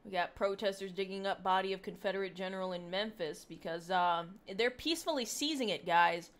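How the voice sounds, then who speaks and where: A woman's voice: mid-range voice, fairly quick. A woman giving casual commentary on posts she reads, sarcastic and mocking, with frequent laughter. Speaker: online commentator.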